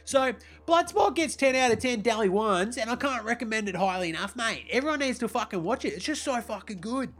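A brash young Australian basketball player, as a man puts him on, with a strikingly high-pitched voice and an Australian accent. He rambles and swears nonstop in a defensive comedy monologue. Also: lively intonation, brisk, few pauses, fairly bright tone, exaggerated voice. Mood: defensive rant. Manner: foul-mouthed, rambling, defensive. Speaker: comedy character.

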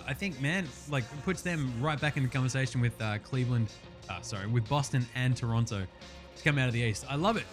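A man with an Australian accent hosting a sports talk podcast, animated, slangy and sweary. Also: fairly high pitch. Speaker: podcast host. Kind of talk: sports talk show monologue.

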